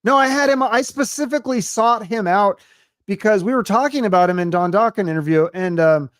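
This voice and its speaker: A chatty, enthusiastic man hosting a podcast who swears casually as he talks. His voice sits notably high, and the sound is dry and close. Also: fairly quick, fairly bright tone, no room sound. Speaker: podcast host. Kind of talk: casual chat.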